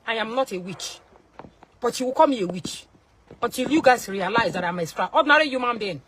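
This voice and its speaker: Nigerian woman, young adult, high-pitched scolding rant with faint hiss behind. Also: lively intonation, a little fast, low-quality recording. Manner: scolding, swings between shouting and low pleading. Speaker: social media personality. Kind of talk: angry to-camera rant.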